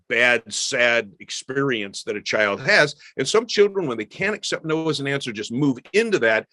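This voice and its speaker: Man, middle-aged, pastor, earnest teaching, lively pitch, dry close sound. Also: no echo. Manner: earnest, emphatic, animated teaching with acted-out quotes. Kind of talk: teaching talk on a webinar.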